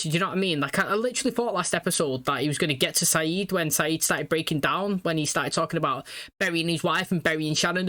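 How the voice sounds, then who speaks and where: A man's voice: high voice, bright, forceful tone. A young man hosting a reaction video, chatty and rambling. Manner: rambling, chatty, repeats "you know what I mean". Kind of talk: casual commentary.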